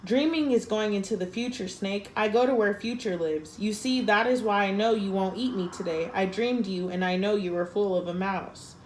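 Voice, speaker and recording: A woman voicing a sly, dreamy male lizard in a spoken animal fable, with a high, lilting delivery. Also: moderate pace, hardly any pauses, roomy sound, a little hiss or hum, close to an everyday voice, rough recording. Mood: knowing.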